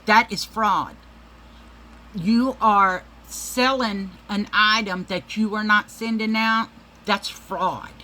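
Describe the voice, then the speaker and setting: A woman's voice: mid-range voice, steady tone, slow pace, sharp tone, poor audio. A woman ranting to camera in a casual vlog, heated, profane and confrontational. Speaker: vlogger.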